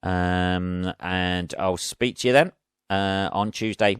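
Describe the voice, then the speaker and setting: Speaking slowly in a low, clean-toned voice, an English man rambles through a solo monologue on his own podcast. He swears freely, jokes darkly and voices both sides of conversations he imagines, recorded in echo-free studio quality.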